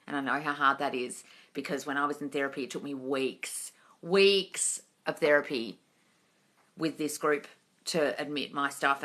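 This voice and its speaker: A woman's voice: sits low, pushed and bright. A woman, chatting bluntly and swearing freely while she answers viewers on a home livestream. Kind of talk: casual live-stream chat. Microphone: phone mic.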